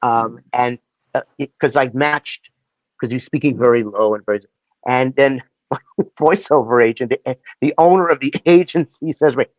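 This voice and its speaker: A man's voice: medium pitch, moderate pace, no echo, lo-fi sound. A male actor guest chatting in an interview, telling rambling stories and slipping into voices. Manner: rambling, animated storyteller who slips into voices. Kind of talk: casual interview chat.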